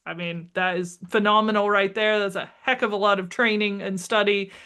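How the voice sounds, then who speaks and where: Give me an energetic middle-aged woman talking shop in a podcast interview, with an emphatic, lively delivery. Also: mid-range voice, moderate pace. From United States. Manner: energetic, emphatic, acts out quoted dialogue. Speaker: podcast guest, marketing strategist. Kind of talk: conversational interview.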